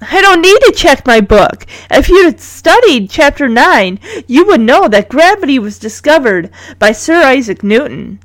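A woman voicing a kindly grandmotherly schoolteacher in a cartoon retelling, gentle and patient. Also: sits high, big pitch swings, a little slow, hardly any pauses, no room sound, pitched above the performer's own voice.

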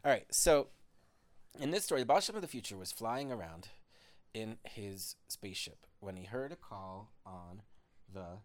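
A man making up a bedtime story at home, speaking gently and often dropping to a murmur. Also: lowish voice, lively intonation, moderate pace. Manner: gentle, drifting into quiet murmurs. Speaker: parent telling a bedtime story.

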